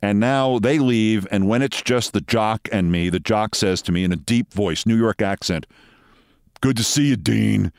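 A man's voice: fairly low pitch, steady tone, moderate pace, few pauses, smooth, no room sound. A man hosting a show, telling a personal story in a wry, vivid way. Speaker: host. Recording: dry close studio sound.

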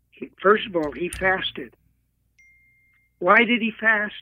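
A man giving a slow, earnest preacherly talk, heard over a tinny phone line. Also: high-pitched, no room sound. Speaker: guest speaker.

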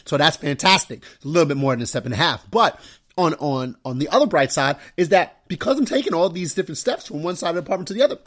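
Young dad hosting a podcast, chatty and animated, voice jumps up and down a lot. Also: male voice, fast. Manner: animated storytelling, mimics his wife and daughter in high voice. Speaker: podcast host. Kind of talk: casual solo podcast talk.

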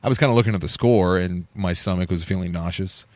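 A man's voice: sits low, fast, a little mellow, no room sound. A man co-hosting a podcast, rambling and hesitant in casual comedic chat. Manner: rambling, hesitant, full of fillers. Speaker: podcast co-host.

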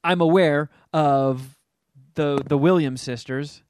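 Animated, profane man with a smooth voice. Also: a little high, slow pace, no room sound. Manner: profane, animated, does mocking voices in quotes. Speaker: podcast co-host reviewing a movie. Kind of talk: casual chat.

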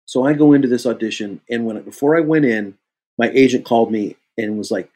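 Husky male guest, Kansas City native, vivid storyteller who does all the voices. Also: brisk. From Kansas City, USA. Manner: animated storyteller who acts out both sides of dialogues, jumping high in pitch. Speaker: guest actor. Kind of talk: casual interview storytelling.

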